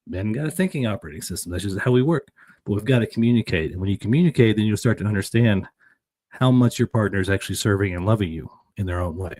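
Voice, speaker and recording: A man with a fairly low voice talks through a relationship podcast in a loose, conversational way. He retells little stories with energy. The sound is dry and close, with no room around him. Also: quick pace, dry recording. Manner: conversational, animated retelling of stories with acted quotes. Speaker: podcast co-host. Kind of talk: casual podcast chat.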